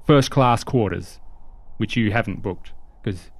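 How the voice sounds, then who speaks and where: A man's voice: on the low side, a little slow. A man narrating a tabletop game as game master, casual and descriptive.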